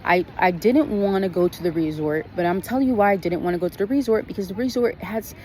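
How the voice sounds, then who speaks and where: A woman's voice: lowish voice, quick pace, darkish tone, slight background noise, low-quality recording. A woman telling a story on her vlog in a casual, blunt, profane way, venting about her trip. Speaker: vlogger.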